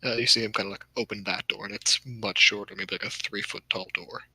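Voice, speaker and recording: A man's voice: fairly low pitch, steady tone, brisk, creaky, sharp tone, breathy edge, no echo, poor audio. A man narrating a tabletop game as game master, casual and hesitant.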